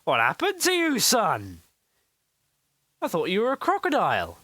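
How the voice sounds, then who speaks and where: A performer voicing a calm, sensible father who talks in halting restarts. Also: mid-range voice, dry recording, pitched above the performer's own voice, heavily acted. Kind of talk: homemade storybook voice acting.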